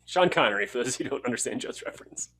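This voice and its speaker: A man's voice: mid-range voice, animated, fast talker, vocal fry, bright, forceful tone, slight background noise. A man co-hosting a podcast, talking casually in a rambling, laid-back way, swearing and laughing. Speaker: podcast co-host.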